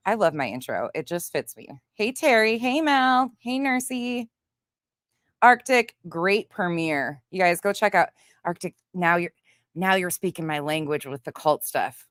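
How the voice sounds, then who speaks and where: Hosting a relaxed livestream, this woman reads comments, says hello to viewers by name, and talks frankly, swearing now and then. Her voice is low and fairly bright, captured in clean studio audio with no echo.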